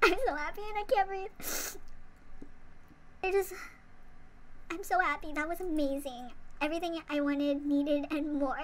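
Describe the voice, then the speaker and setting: A woman's voice: high voice, fairly even intonation, normal speed, pauses often, a little hiss or hum. A young woman gushing breathlessly in a reaction vlog, swearing and repeating herself as she talks to her viewers. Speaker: fan reacting to a performance.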